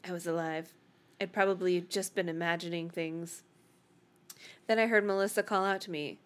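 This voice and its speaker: A woman's voice: fairly low pitch, steady tone, moderate pace, pauses often. A woman co-hosting a podcast, reading a novel aloud casually with laughter slipping in.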